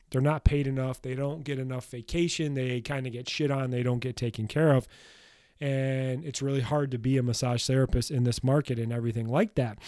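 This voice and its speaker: Man hosting a solo podcast. Mellow voice, blunt and emphatic, swears casually. Dry, close recording. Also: medium pitch, no room sound. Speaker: podcast host.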